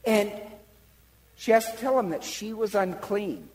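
A man, a priest, retelling a Bible story in a sermon, animated and full of acted-out quotes. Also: high-pitched, measured pace, big-room sound, low-quality recording. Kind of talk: sermon-style Bible teaching.

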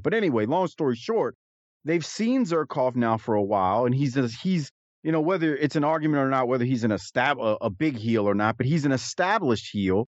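A man's voice: on the low side, dry recording. A man hosting a casual chat about old wrestling, rambling and correcting himself as he goes. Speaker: podcast co-host. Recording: slightly dull dry mic.

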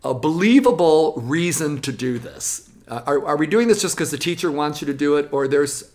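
A music teacher explaining classroom methods in an interview, lively and now and then acting out classroom voices. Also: mid-range voice, moderate pace.

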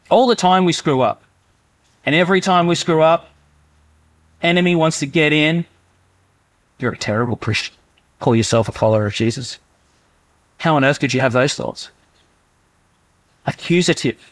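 Preaching casually, a pastor occasionally acts out inner thoughts in different voices. For a man his voice is a bit high, and the close, dry recording has no echo.

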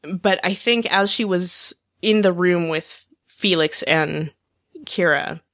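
A woman's voice: fairly low pitch, takes it slowly, a bit bright, dry recording, studio quality. A woman co-hosting a TV discussion podcast, chatting casually and reading out listener feedback. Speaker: podcast co-host.

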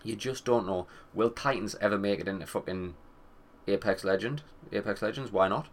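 Young male gaming vlogger, a touch low-pitched; loose, profane, wry chatter. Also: moderate pace. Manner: rambling, sweary, wry. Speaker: gaming commentator. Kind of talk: casual gaming chat.

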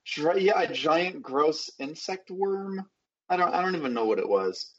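A co-host describes scenes slowly, hesitating and filling gaps with ums and uhs. The audio is somewhat dull and muffled. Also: mid-range voice, animated, breathy edge. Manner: halting, hesitant, many um and uh. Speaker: podcast co-host. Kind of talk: casual movie recap chat.

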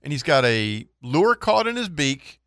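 A man's voice: on the high side, big pitch swings, measured pace, fairly bright tone, no room sound. A man, a charter fishing captain, telling a story in easygoing casual talk-show chat.

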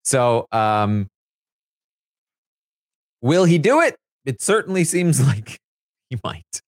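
A man gives a casual spoken recap of a reality show's live feeds, rambling a little and leaning on fillers as he goes. His voice sits at an ordinary middle pitch, and the sound is dry and close with no room around it. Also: sing-song, takes it slowly, dry recording. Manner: conversational, loose, with many fillers.

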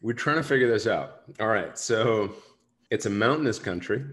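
A man's voice: lowish voice, animated, normal speed, fairly bright tone. A man, an actor, chatting casually in an interview, rambling and self-deprecating with many fillers. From United States. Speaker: actor guest.

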